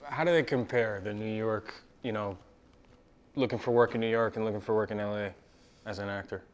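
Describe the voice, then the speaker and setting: A man's voice: lowish voice, steady tone, fairly quick, lo-fi sound. A man hosting a casual comedy interview, ribbing his guest with a lot of swearing. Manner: teasing, profane, ribbing. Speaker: host. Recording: faint background noise.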